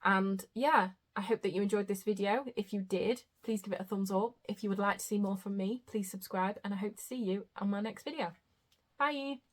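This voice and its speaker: A young woman, talking at an ordinary middle pitch. She chats casually about her reading, often losing her thread and starting again. She laughs at her own stumbles. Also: brisk, slight background noise. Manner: chatty, trails off and restarts, self-mocking. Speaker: book vlogger. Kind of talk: casual chat.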